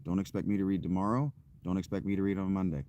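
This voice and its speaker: Low-pitched male streamer, casual and self-deprecating, talking off the cuff to viewers. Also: steady tone, fast, dark tone, a little hiss or hum. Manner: candid, rambling and self-deprecating. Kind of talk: casual chat to a live audience.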